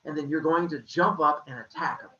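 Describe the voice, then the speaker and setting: A man plays a weary mother goddess laying out a scheme, matter-of-fact. The tone is bright and lively. It sounds roomy, distant and a little dull. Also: fairly high pitch, a little fast. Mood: scheming.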